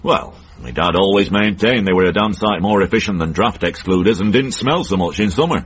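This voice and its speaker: A crabby old uncle from the north of England, grumbling in a low, husky voice with a Northern English accent. It is a radio drama heard through a slightly dull broadcast recording. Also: male voice, fairly quick. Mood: reminiscing.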